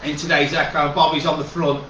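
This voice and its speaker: A man's voice: fairly high pitch, flat delivery, fairly quick, pushed and bright, slight background noise. A man hosting a football channel, chatting casually with rambling asides and reading from the newspaper. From Liverpool, England. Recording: roomy echo, faint background ambience.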